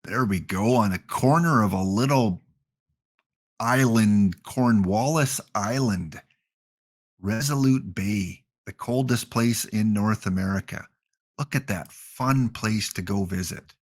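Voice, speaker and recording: A man's voice: fairly low pitch, slow. Jokey Canadian man streaming. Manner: jokey, rambling, playful asides. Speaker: gaming livestream host. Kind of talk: casual livestream chat.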